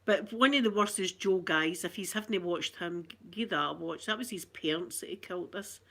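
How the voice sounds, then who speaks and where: A woman's voice: on the low side, a little fast, gravelly, a bit bright. A woman with a Scottish accent chatting casually to her viewers on a phone, rambling and laughing often. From Scotland. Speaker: channel host.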